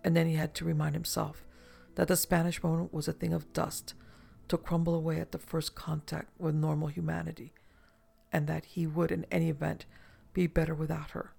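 Gravelly, flat audiobook narrator. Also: mid-range voice. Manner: measured, even storytelling.

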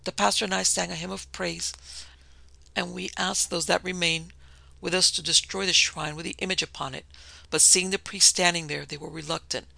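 A reader voicing a frightened woman missionary who recounts her ordeal in a hushed, earnest way, as in an audiobook. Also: mid-range voice, fairly even intonation, normal speed, gravelly, no echo, heavily acted, poor audio. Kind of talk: audiobook reading.

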